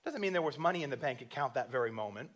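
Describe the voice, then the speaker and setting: A man's voice: medium pitch, expressive, very fast, a bit bright. A man preaching a church sermon with passion, acting out prayers and the voice of God as he tells a story. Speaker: pastor.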